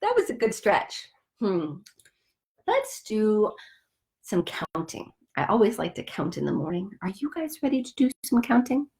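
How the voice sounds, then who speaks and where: Slow sing-song woman talking to kids. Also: mid-range voice, very animated, creaky, a little mellow. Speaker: children's story time host. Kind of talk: children's sing-along lesson.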